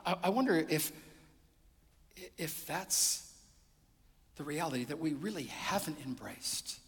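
A middle-aged man, a pastor preaching a sermon, swinging between loud emphasis and hushed near-whispers. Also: on the high side. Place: church sanctuary. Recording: long hall reverb.

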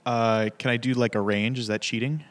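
A man answering questions slowly and hesitantly during a sermon, guessing aloud. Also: medium pitch, steady tone.

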